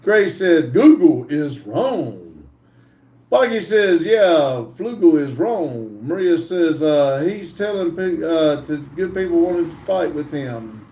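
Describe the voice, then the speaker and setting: A man hosting a livestream, reading viewer chat aloud in a slow, halting way with frequent "uh" fillers. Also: on the high side, lively intonation, dark tone, reverberant, far from the mic. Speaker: livestream host.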